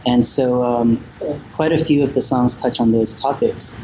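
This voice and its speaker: Reflective, mellow-voiced man with many pauses. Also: mid-range voice, muffled recording, a little hiss or hum. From Vietnam. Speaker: musician guest. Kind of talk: casual interview talk.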